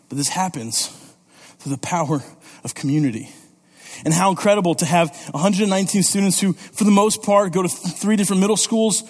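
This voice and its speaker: A man preaching a sermon as youth pastor, lively and conversational, often checking in with "okay?" and "all right?". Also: high voice. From Italy. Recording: long reverb of a church hall.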